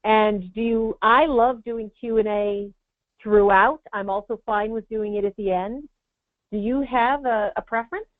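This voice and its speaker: A woman's voice: a little high, fairly even intonation, measured pace, no echo. Chatty woman on a tinny web call. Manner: chatty, self-deprecating humor. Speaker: guest presenter. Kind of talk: casual webinar chat. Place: home office. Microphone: video call. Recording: tinny phone-like web call audio, dry.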